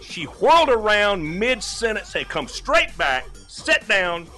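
Animated bright-voiced man telling a story. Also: high-pitched, slow pace, soft background music. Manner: lively, laughing, acts out voices in his story.

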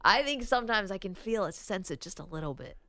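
A woman co-hosting a casual sports talk show, chatty and animated. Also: medium pitch, no echo, clean studio sound. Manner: chatty and animated, quick to laugh.

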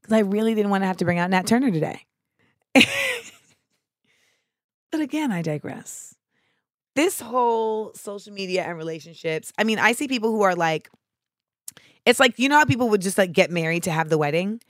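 Animated, profane woman chatting. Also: medium pitch, normal speed, pauses often, dry recording, studio quality. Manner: animated, profane, slips into mocking voices. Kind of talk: casual comedic chat.

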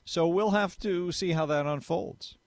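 A man's voice: sits high, unhurried, no room sound. A man hosting talk radio, emphatic and opinionated, speaking into a studio mic. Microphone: studio microphone.

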